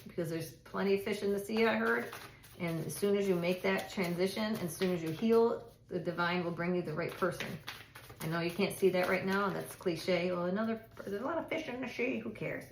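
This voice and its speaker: A middle-aged woman gives a casual tarot reading, chatty and reassuring, thinking aloud and restarting often. Her voice is lowish, and the echoey room carries slight background noise.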